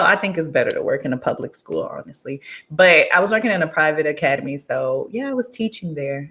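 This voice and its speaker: A woman, her voice sitting a little low. She talks in a loose, chatty way, laughs easily and jumps up in pitch when she acts out what others said. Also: fairly bright tone. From Texas, USA. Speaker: guest. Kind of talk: casual conversational interview.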